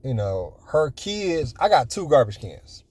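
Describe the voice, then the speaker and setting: A man's voice: medium pitch, very animated, measured pace, darkish tone, breathy edge. Rambling man in his forties. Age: 40s. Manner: rambling, full of "you know" fillers. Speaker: vlogger. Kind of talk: casual storytelling.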